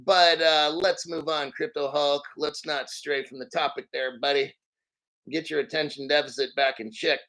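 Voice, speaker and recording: A man with a high voice tears into a news story in a profane, combative rant, full of mockery. His tone is sharp and forceful, and he keeps clearing his throat between remarks. He sounds like a crypto vlogger hosting his own channel. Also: fairly even intonation, normal speed, rough recording. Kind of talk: ranting commentary on a news article.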